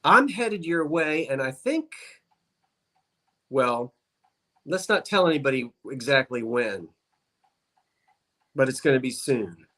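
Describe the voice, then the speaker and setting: A man's voice: medium pitch, very animated, slow, long pauses, pushed and bright. A man with a South Jersey Delaware Valley accent, chatting and rambling on a video call livestream. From South Jersey, USA. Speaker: guest on livestream. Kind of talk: casual livestream chat.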